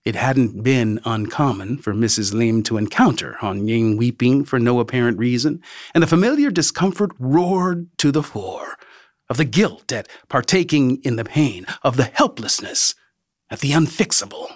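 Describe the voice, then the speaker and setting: A man reading a story aloud as narrator, expressive, slowing down and dropping to a near whisper for emphasis. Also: medium pitch, no room sound, clean studio sound.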